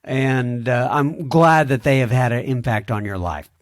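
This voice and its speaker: Chatty folksy man with a lively voice. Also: mid-range voice, measured pace, no echo, clean studio sound. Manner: chatty and folksy, with frequent uh fillers. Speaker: podcast host. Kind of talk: reading listener emails aloud.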